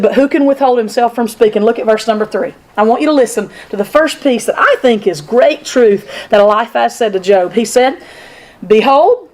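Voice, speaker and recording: A woman teaching a women's Sunday school lesson, talking in an animated, conversational way to her class. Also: on the high side. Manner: animated and conversational, acting out Bible speakers. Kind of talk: women's Bible study lesson. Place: church classroom with a group.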